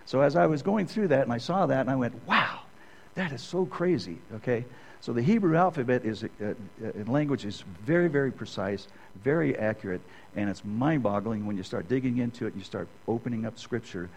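A man's voice: medium pitch, fast talker, gravelly, hardly any pauses, a little mellow, low-quality recording. A middle-aged man preaching a sermon in a conversational way, often checking in with the listeners by asking "okay?".

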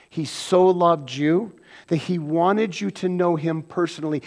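A man preaching a sermon as pastor, animated, acting out quoted voices and swinging from loud bursts to hushed asides. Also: on the high side.

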